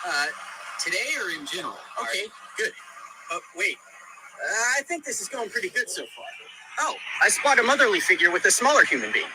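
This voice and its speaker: A man playing a politician in a comedy clip, with a stiff, robotic, deadpan manner. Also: high voice, fairly quick, background noise. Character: robotic deadpan impression of a politician meeting people.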